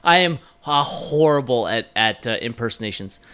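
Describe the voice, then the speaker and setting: Bright-voiced, enthusiastic male podcast host. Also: medium pitch, expressive, moderate pace, clear, resonant tone. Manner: enthusiastic, swears freely. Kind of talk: casual chat.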